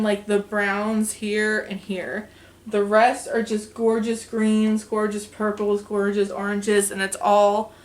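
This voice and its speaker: A young woman vlogger chatting casually and enthusiastically about makeup she bought, with lots of fillers. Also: mid-range voice. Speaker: beauty vlogger. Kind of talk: casual makeup haul chat.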